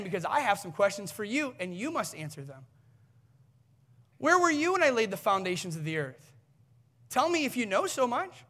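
A man's voice: sits high, a bit bright, pitched above the performer's own voice. A man preaching, reading aloud the words of God as a mighty, commanding voice firing challenging questions at a man.

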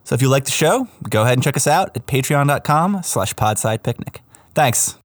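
A man's voice: mid-range voice, lively intonation, brisk. A man hosting a podcast in a casual, chatty way. He is enthusiastic and self-deprecating, and often restarts his sentences. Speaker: podcast host.

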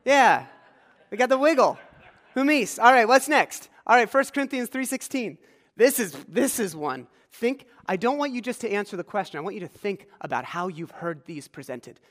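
Pastor, male, from rural Pennsylvania, high-ish voice, chatty sermon, long church reverb. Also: expressive, moderate pace, a bit bright. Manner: conversational, engages congregation with questions. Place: church sanctuary.

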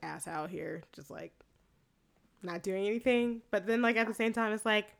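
A woman's voice: mid-range voice, normal speed, vocal fry. Laid-back woman in her late twenties, laughing. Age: late 20s. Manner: laid-back, swears freely, laughs often. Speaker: podcast co-host recapping a film. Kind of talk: casual chat.

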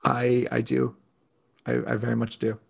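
A man's voice: mid-range voice, monotone, unhurried, gravelly, breathy edge. A man co-hosting a casual sports podcast, making dry, wry asides. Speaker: podcast co-host.

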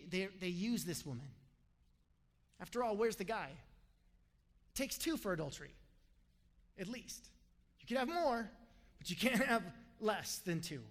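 A man preaches a sermon in a lively, animated way, slipping in humorous asides between points. His voice sits high for a man and carries a long reverb, as from a large hall. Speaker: pastor.

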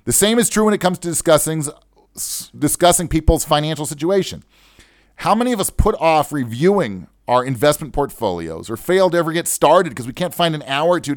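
A middle-aged man hosts a radio talk show into a studio microphone, wound up and digressive, cracking jokes at himself. His pitch leaps and swoops, and the sound is dry and close with no room around it. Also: no room sound. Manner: animated, digressive, joking, self-described wound up. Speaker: radio show host, financial adviser. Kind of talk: casual solo radio talk.

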